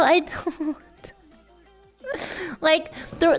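A woman streamer with a high, squeaky voice, chatting casually and excitably with her chat, often shrieking and laughing. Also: unhurried, pauses often, soft background music.

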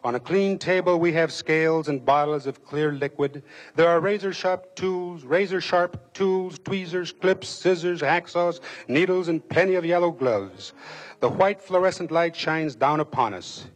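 A man giving a dramatic, measured reading of a first-person memoir passage, with a husky voice. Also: fairly high pitch. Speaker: reader.

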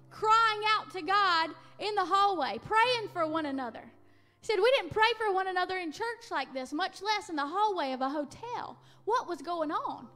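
A woman preaching a revival sermon in a very high, sharp, bright voice. She tells the story with passion and climbs to ringing peaks. The sound carries a long church-hall reverb with faint music underneath. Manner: impassioned, rising to shouted peaks when quoting. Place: church sanctuary.

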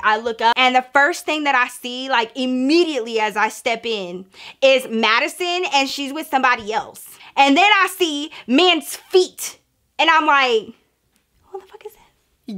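Woman, storytime vlogger. Bright, higher-pitched, chatty, does the other people's lines herself. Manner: chatty and animated, heavy "like" fillers, swears freely; acts out quoted voices in the story. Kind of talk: casual storytelling to camera.

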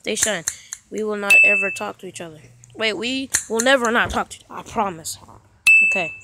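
A woman playing a texting game and reading its chat lines aloud in casual commentary, with animated, playful reactions. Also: mid-range voice, brisk. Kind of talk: casual let's-play commentary. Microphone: phone microphone via screen recorder. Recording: loud noisy phone screen recording with clicks.

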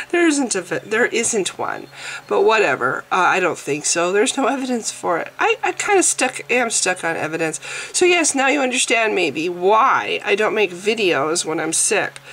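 A woman's voice: mid-range voice, a bit bright, a little hiss or hum. A woman vlogger who is sick, ranting casually in an exasperated, mocking way and laughing now and then. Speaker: atheist vlogger. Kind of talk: casual vlog rant.

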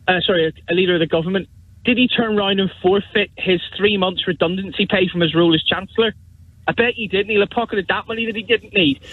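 A man's voice: sits high, no room sound. A male radio phone-in caller ranting scornfully and emphatically about politics. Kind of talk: angry political rant on a phone-in. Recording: dry tinny phone line.

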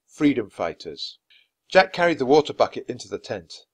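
A man reading a children's chapter book aloud at a clear, natural pace for language learners. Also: medium pitch, very animated, normal speed. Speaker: storyteller.

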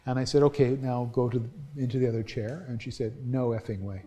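A man's voice: mid-range voice, steady tone, fast talker, mellow. A middle-aged man giving a university lecture in a conversational, anecdotal way, often restarting his sentences.

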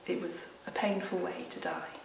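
A woman leading a Sunday school, reading a story aloud to children and then explaining it, mostly gentle and quiet. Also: lowish voice, normal speed, creaky, slight background noise. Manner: gentle and mostly quiet, lively in the exciting parts. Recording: roomy echo from a distant mic.

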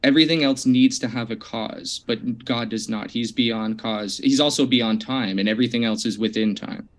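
A man in a debate answering calmly, explaining his position with a casual, slightly hesitant manner. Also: mid-range voice, normal speed.

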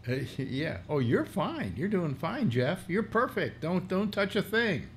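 A man's voice: high-pitched, big pitch swings, a little slow. A man hosting a casual call-in stream from home, his voice rising and falling freely. He talks in loose rambles full of fillers and restarts. A faint hiss of room noise sits under the computer mic. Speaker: host. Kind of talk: casual live-stream talk show chat. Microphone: computer mic through speakers.

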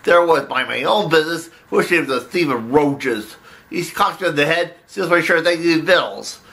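A man's voice: fairly high pitch, animated, moderate pace, vocal fry, a bit bright. A man voicing a scheming, cocky cockroach gang boss in a puppet comedy skit, rallying his crew in a bossy, speechmaking way. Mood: rousing.

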